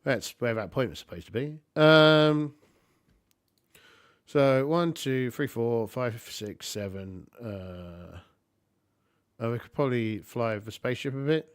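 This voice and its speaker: A man thinking aloud through a solo tabletop game, halting and muttering as he counts. He talks slowly at a mid pitch. The sound is dry and close on a desk mic. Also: dry recording. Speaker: solo tabletop player and narrator.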